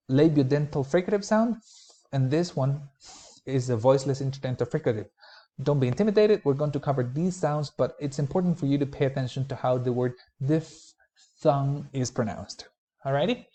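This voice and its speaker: A man gives a recorded pronunciation lecture in a warm, relaxed tone at a middling pitch. He explains mouth positions and stretches each example word slowly so students can copy it. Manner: explanatory, slows to model words clearly. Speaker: pronunciation teacher.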